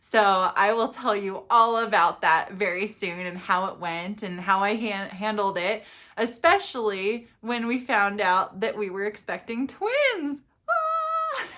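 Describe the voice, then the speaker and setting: A woman's voice: medium pitch, a bit bright. A young woman vlogger telling a personal story in a casual, chatty way, full of "like" and "you know".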